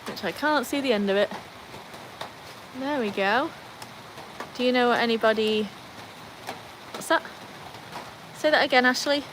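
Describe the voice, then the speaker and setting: Speaking unhurriedly with long pauses, a British woman with a fairly high voice livestreams casually from a covered veranda as rain falls on its tin roof. She talks with viewers, reads their comments aloud and urges her dogs along. Slight background noise marks the low-quality recording.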